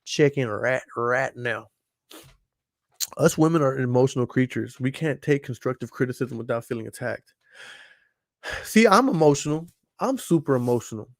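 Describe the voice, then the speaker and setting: A man's voice: mid-range voice, expressive, normal speed, no room sound, studio quality. A man hosts a podcast in casual chat, rambling and swearing a lot and often asking whether you follow him. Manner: profane, rambling, keeps asking "you know what I'm saying". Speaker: podcast host.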